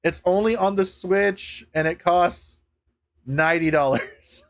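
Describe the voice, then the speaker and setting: A man streaming live, chatting casually to viewers, laughing often, swearing and getting excitable. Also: sits high, takes it slowly.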